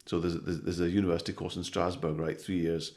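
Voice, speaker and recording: A man with a very low voice tells jokes in a relaxed podcast conversation. He talks in an animated, sweary way and keeps tagging his lines with "right?". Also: fast talker. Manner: animated storytelling, sweary, with frequent "right?" tags. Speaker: comedian guest. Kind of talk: casual podcast chat, telling jokes.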